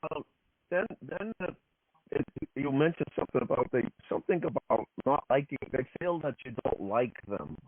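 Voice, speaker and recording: A man interviewing a guest in a casual, halting way with prompting questions. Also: medium pitch, lively intonation, no echo. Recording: phone-like line.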